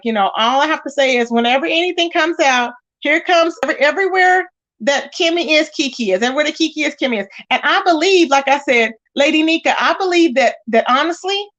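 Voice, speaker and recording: High-voiced sassy woman chatting live. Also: a bit bright. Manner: chatty, sassy, greets viewers by name. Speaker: livestream host. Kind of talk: casual live chat, reading viewer comments.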